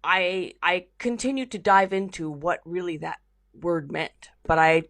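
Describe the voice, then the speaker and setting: A woman telling her own story to the camera in a vlog, her voice sitting slightly low. She talks in an animated, lively way and keeps slipping into the voices of the people in her story. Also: a little slow. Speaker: vlogger.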